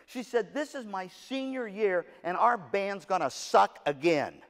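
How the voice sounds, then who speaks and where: With a high-pitched voice at a measured pace, this man delivers a motivational keynote to music directors at a music educators' session. He tells a story animatedly, performing the quoted voices and joking with listeners, and the hall adds long reverb.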